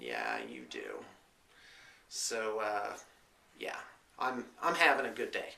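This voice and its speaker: A man's voice: lowish voice, huge pitch swings, takes it slowly, gravelly, bright, forceful tone, echoey room, distant mic. A man giving a casual, rambling vlog update, full of hesitant fillers. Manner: chatty, hesitant with lots of fillers. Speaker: vlogger and small business owner.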